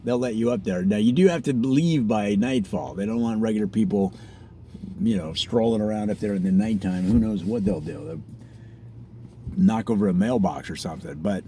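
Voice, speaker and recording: Rambling self-satisfied man, mellow voice. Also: on the low side, animated, normal speed, a little hiss or hum. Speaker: parody real estate vlogger. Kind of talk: deadpan comic monologue.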